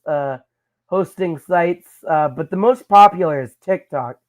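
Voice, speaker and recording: A man's voice: on the high side, a little slow. A man co-hosting a podcast, improvising silly comedy scenes in a rambling, stammering way. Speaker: podcast co-host.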